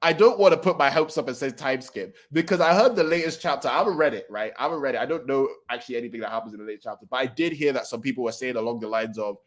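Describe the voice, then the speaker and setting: A young man in a relaxed livestream chat reacts to comic chapters in a mid-pitched voice. He drifts between reading aloud and greeting people in the chat. His speech is loose and chatty, with casual swearing. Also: very fast, hardly any pauses.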